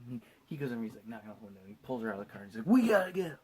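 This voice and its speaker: A tipsy man on a podcast, recounting a film scene by scene. His pitch swings widely as he jumps into loud put-on voices for the characters, then drops back to his plain chatty tone. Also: very animated, racing, slight background noise. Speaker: podcast host. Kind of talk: casual movie recap chat.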